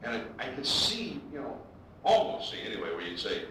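A male baseball broadcaster telling lively anecdotes to an audience and acting out the quotes. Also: medium pitch, fairly quick, noisy background. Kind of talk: storytelling speech to an audience. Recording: echoey hall, distant mic, audience laughter.

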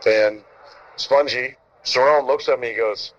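Man spinning old pitching yarns. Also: measured pace. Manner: animated storyteller, acts out quotes, swears freely. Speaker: former pitcher telling stories. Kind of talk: casual storytelling chat. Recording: dull lo-fi sound.

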